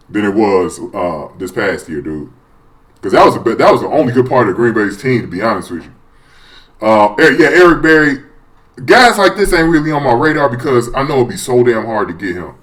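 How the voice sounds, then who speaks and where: Excitable man ranting about football. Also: mid-range voice. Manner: excitable, profane, rambling with many restarts. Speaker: sports fan vlogger. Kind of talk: casual sports rant.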